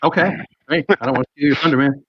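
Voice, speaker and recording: A man playing a cleric in a tabletop game, speaking calmly and in measured lines. His recording is dull and dry. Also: medium pitch, slightly rough, dry recording. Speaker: player.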